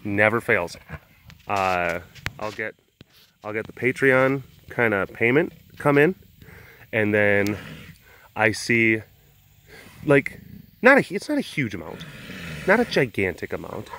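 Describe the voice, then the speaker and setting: A man's voice: on the low side, sing-song, slow pace, pauses often, a little hiss or hum. A young man vlogging casually from an animal sanctuary, rambling with lots of fillers. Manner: rambling, lots of fillers, drops to a soft coo when talking to the cats. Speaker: big cat sanctuary vlogger. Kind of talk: casual chat to camera.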